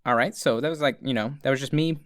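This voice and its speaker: Young male podcast host, dry close mic, mid pitch, lively storytelling with lots of cursing. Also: fast talker, no room sound. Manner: animated storyteller, swears often, quotes others. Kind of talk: casual podcast chat.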